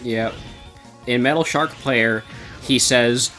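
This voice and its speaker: A man's voice: mid-range voice, measured pace, sharp tone. A man on a gaming stream, reading game dialogue aloud in a dry voice and laughing between lines, with faint music behind. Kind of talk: casual gaming stream chat.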